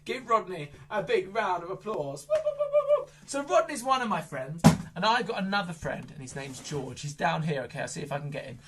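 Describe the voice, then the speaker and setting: A children's entertainer doing playful magic show patter, silly and exaggerated, jumping from loud squeals to hushed asides. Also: medium pitch, animated, fairly quick, hardly any pauses.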